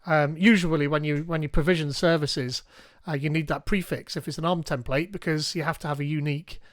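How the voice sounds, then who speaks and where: A man hosting a live tech tutorial, reading instructions aloud and thinking out loud as he goes. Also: on the high side, fairly even intonation, a little fast, no echo. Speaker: tech streamer.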